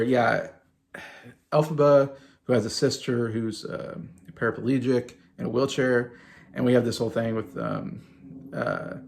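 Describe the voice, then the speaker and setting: A man hosting his own video, rambling through an exasperated casual movie review with mocking asides. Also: medium pitch. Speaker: video host.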